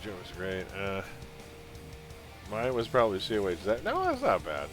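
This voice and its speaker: A man's voice: fairly low pitch, huge pitch swings, normal speed, over music. A man chatting casually while live-streaming a game, laughing often and drifting into pop-culture tangents.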